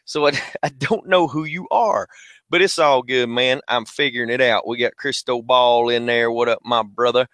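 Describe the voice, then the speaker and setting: A man's voice: mid-range voice, fairly even intonation, normal speed, no room sound. A man with a Southern US accent hosting a casual livestream podcast on a headset, laid-back and slangy as he greets viewers by name. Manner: laid-back, slangy, shouting out chat names. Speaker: podcast host.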